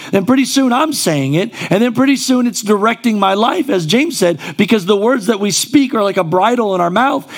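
A man's voice: high voice, creaky. A male pastor preaching a sermon in a church, conversational and then rising to emphatic exclamations.

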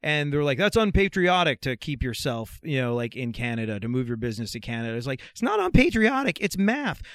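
A middle-aged man with a slight Anglo-American accent, telling stories in a lively, jokey way in a casual chat. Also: medium pitch, brisk, dry recording. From America, raised mostly in England. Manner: animated storyteller, jokey. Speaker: radio host guest.

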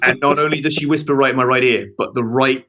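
A man telling a story in casual chat, animated, swearing and laughing often. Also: mid-range voice, quick pace. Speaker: podcast regular telling a story.

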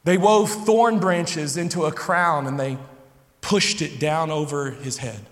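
A man preaching a sermon, telling the story dramatically, sinking low and slow, then building loud. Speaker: pastor. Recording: long hall reverb.

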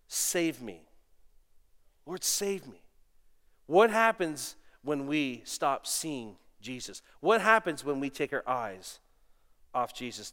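A middle-aged man preaching a sermon, animated, moving between loud exclamations and quiet asides, telling stories with self-deprecating humor. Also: a little high, clean tone. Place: church sanctuary. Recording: long reverb of a church hall.

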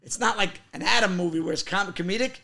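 A man tells stories in a casual chat. His voice sits high, with a gravelly rasp and a bright, tense edge. He talks in an animated, profane way and breaks into loud bursts when he acts out quotes. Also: fast. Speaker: podcast guest, comic actor.

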